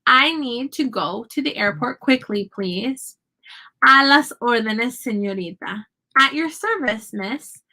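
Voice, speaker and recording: Bright-voiced woman teaching Spanish phrases. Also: fairly high pitch, lively intonation, low-quality recording. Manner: chatty, explains slowly, switches between Spanish and English phrases. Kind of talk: casual language lesson. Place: home.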